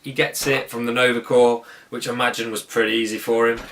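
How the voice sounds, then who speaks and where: A man talks through a movie review in an excited, rambling way, backing up to fix his words as he goes. His pitch sits in an ordinary middle range. He sounds a little way off from the microphone. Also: recorded from a distance, a little hiss or hum. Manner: enthusiastic, rambling, with quick self-corrections. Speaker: film reviewer. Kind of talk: casual spoken movie review.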